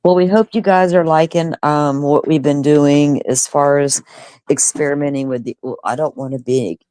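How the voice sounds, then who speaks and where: A woman's voice: sits low, fairly even intonation, normal speed, mellow, clean tone, no echo. A woman co-hosting a true crime livestream, chatting casually and rambling with many fillers.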